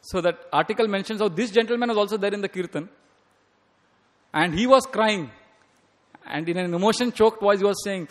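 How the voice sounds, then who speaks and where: A man's voice: high voice, a little fast, long pauses. A man delivers a devotional lecture, moving between storytelling and quoted scripture. His words carry a long reverb, as if spoken in a large hall. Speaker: speaker giving a devotional talk.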